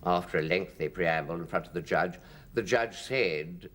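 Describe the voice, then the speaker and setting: A man's voice: deep voice, moderate pace, a bit bright. An older English man interviewed, telling anecdotes theatrically and mimicking voices. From England.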